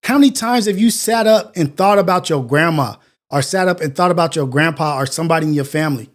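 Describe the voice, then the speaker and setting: High-voiced man preaching on a morning show. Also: quick pace. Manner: earnest, preachy, repetitive phrasing. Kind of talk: motivational monologue.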